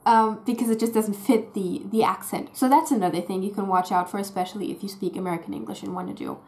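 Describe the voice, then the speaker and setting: A woman's voice: medium pitch, steady tone, quick pace, a little mellow. A woman with a slight German accent and German as her native language, explaining pronunciation casually in a video lesson. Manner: explains clearly and casually with fillers. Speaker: language teacher.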